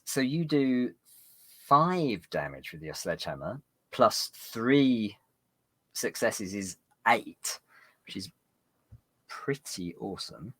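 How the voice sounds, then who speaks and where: A man narrating as game master of a tabletop game, rambling and halting with many fillers. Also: fairly low pitch, fairly bright tone, no room sound.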